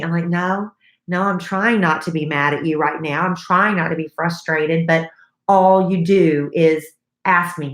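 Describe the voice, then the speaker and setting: A woman's voice: low-pitched, fairly even intonation, moderate pace, a bit bright, reverberant. A woman in her forties co-hosting a casual podcast, stuffed up from a cold and venting frankly about her teenager. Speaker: podcast co-host. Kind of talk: casual chat.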